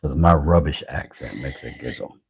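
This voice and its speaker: A man's voice: very deep voice, normal speed, gravelly, husky, no room sound. A man hosting a knife-sharpening livestream, chatting casually and self-deprecatingly with viewers. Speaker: knife-sharpening channel host.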